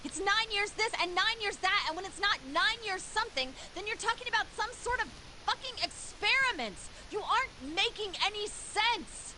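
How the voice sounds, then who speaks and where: An actress voicing an impatient adult woman in a video game, sharp and exasperated, swearing freely. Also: extremely high pitch, expressive, moderate pace, slight background noise, heavily acted. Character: brash, impatient adult woman, quick to curse.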